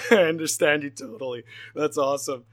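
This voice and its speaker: A man's voice: on the high side, normal speed. A man hosting a casual podcast interview, enthusiastic and rambling, with lots of fillers and restarts. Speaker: podcast host.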